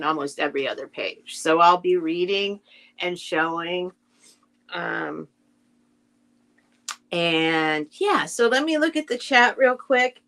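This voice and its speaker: A woman hosts a casual live stream, reading a children's book aloud and greeting viewers by name. She talks in a rambling, sentimental way, with a voice of ordinary middle pitch. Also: fairly bright tone. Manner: sentimental, gets emotional over the text.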